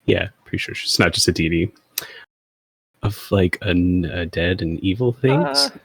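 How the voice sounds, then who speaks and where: A man's voice: deep voice, animated, unhurried, vocal fry, fairly bright tone. A man playing his character in a tabletop game, rambling in a laid-back way with laughing asides. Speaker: player. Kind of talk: in-character tabletop role-play.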